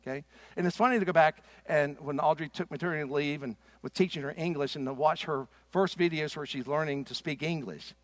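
Impassioned pastor preaching. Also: male voice, on the high side, a little fast, no echo. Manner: impassioned, swings from loud to hushed. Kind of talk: sermon. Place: church sanctuary.

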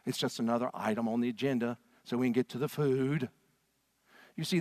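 A man's voice: mid-range voice, dry recording, studio quality. A man preaching a sermon from a church stage, earnest and emphatic. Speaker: pastor.

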